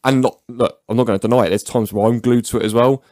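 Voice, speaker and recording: A man's voice: mid-range voice, fairly even intonation, fast, darkish tone, no room sound. Blunt swearing man, dry. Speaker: podcast guest. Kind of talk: drunk casual banter.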